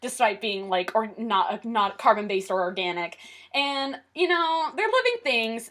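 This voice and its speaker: A young woman co-hosting a casual podcast, ranting excitedly and with lots of swearing. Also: fairly high pitch. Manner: excited, profane, rapid rants. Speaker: podcast co-host.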